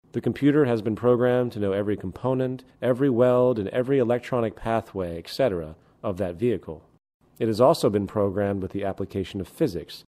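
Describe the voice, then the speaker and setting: A man giving scripted documentary narration, explaining ideas in a measured, deliberate way. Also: on the low side, dark tone.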